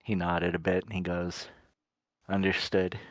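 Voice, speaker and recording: A man's voice: deep voice, completely flat delivery, no room sound. A man playing a tabletop game, narrating his character's actions and then speaking his lines. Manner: unhurried, sets up each line with "he goes". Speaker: player voicing his character Gadri.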